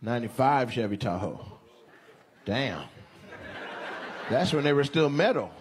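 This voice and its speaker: Teasing stand-up comic doing crowd work. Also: male voice, mid-range voice, lively intonation. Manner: teasing, quick questions, laughing asides. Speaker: stand-up comedian. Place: comedy stage before a live audience. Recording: live show with loud crowd and noise.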